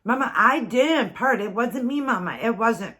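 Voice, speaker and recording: A woman's voice: a little high, animated, normal speed, bright, forceful tone, voice pushed up. Mom doing a whiny lisping little boy. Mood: whiny pleading. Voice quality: lisping, pleading. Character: whiny three-year-old boy with a lisp.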